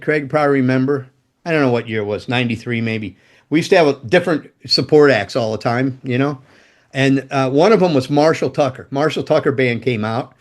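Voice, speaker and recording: Rambling, profane older roadie telling stories. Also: male voice, a little high. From United States. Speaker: podcast guest, former guitar tech. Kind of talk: casual storytelling.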